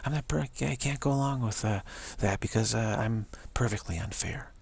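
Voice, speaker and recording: This man speaks at normal speed in a lowish register, his voice creaky, slightly rough and a little mellow. As a spiritual teacher, he circles through the same affirmations over and over and drops into whispers.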